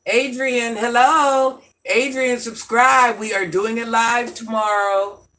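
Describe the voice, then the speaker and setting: Woman, 40s, live-stream host, affectionate, repetitive, shouts out viewers, bright tone. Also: a little high, fairly even intonation, slow pace. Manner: affectionate, repetitive, calls herself Granny. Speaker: livestream host.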